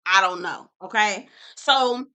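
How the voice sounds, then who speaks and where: A woman giving a casual, profane reality TV recap, sassy and animated, calling everyone "girl". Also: mid-range voice, takes it slowly.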